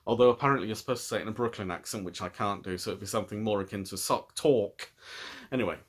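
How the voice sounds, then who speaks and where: A British man with a fairly low voice hosts a knitting and crochet video podcast. He talks in a relaxed, rambling way, often restarting his sentences as he thinks aloud, recorded on a camera at table distance. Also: racing. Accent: British English. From United Kingdom. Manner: thoughtful, rambling, with frequent restarts. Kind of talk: casual chat.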